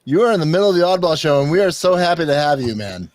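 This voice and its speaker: A man's voice: fairly high pitch, fast, no echo, studio quality. A man hosting a casual podcast, reading guest introductions and teasing his co-host with frequent laughter. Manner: laughs often, animated, playful teasing.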